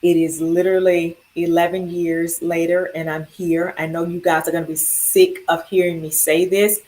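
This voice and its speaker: A woman's voice: fairly low pitch, little pitch movement, normal speed, a little mellow, poor audio. A woman sharing her cancer survival story, rambling through heartfelt thanks to family and friends. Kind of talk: personal video testimony.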